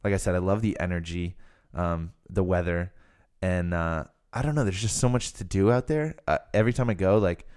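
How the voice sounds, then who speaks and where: A man's voice: deep voice, a little fast, darkish tone, clean tone. A young man from Rhode Island hosting a podcast, chatting casually and rambling with lots of fillers. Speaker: podcast host. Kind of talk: casual chat.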